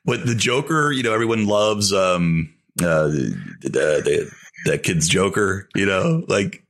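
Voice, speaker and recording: A man's voice: low voice, expressive, a little slow, a bit bright. A man co-hosting a podcast, chatting casually in a blunt, swearing way. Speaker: podcast co-host. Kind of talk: casual chat.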